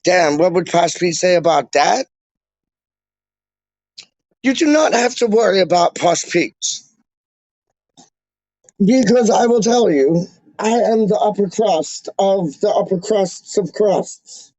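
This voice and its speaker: A man hosting a livestream as a self-styled, snobbish Englishman, rambling slowly in pompous rhyming nonsense. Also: high-pitched, lively intonation, darkish tone, no room sound, exaggerated voice. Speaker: livestream host. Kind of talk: comic in-character livestream ramble. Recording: dull, lo-fi, dry sound.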